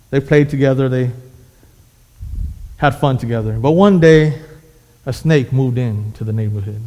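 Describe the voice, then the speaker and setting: A man's voice: medium pitch, mellow. A man preaching a sermon, telling a fable with emphatic, repetitive phrasing. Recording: echoey hall.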